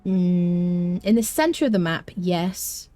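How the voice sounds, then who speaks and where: A woman giving chatty, animated live commentary while she plays a video game. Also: lowish voice, slow, dry recording. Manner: chatty, animated, talks to chat and her cat. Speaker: game streamer. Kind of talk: live let's play commentary.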